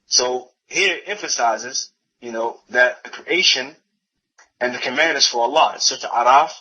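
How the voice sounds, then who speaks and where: A man's voice: mid-range voice, sharp tone, breathy edge, muffled recording. A man giving a religious lecture, reading a text aloud and translating it, often repeating and correcting himself. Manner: halting, self-correcting, repeats phrases while translating.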